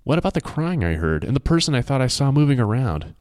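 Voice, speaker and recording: A male narrator voicing a caring, anxious young woman teacher who asks gentle, earnest questions. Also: medium pitch, big pitch swings, fast talker, clear, resonant tone, dry recording, clean studio sound, pitched above the performer's own voice, natural voice. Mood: concerned.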